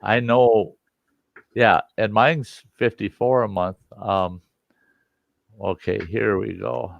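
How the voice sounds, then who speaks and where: A man hosts a relaxed livestream chat, walking through technical details in a loose, rambling way. His voice sits very low and moves slowly. The sound is close and dry, with no room around it. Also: gravelly, no room sound, narrow, tinny audio. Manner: rambling, explains tech step by step. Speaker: livestream host. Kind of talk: casual chat.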